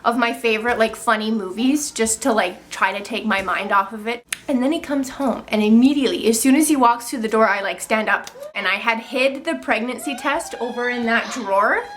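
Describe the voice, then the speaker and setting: A woman's voice: fairly high pitch, fairly quick, few pauses, fairly bright tone. A young woman in her twenties telling a personal story to camera in a casual, chatty way, full of fillers. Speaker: vlogger.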